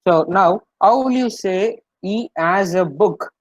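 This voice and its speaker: Slow, patient male language teacher. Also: high-pitched, no room sound, rough recording. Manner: patient, repetitive explaining with many fillers. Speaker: French teacher. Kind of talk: online language class.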